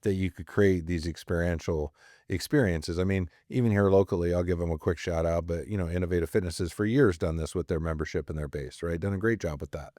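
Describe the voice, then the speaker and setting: A middle-aged man hosting a podcast, telling rambling stories and often tacking on quick tag questions. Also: low voice, mellow, dry recording, studio quality. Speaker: podcast host. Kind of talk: casual storytelling talk.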